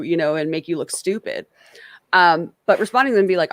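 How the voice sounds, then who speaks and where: A woman's voice: fairly low pitch, a little fast, no room sound. A woman hosting a casual political panel on a stream, chatty and self-qualifying, often restarting her sentences. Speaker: stream host.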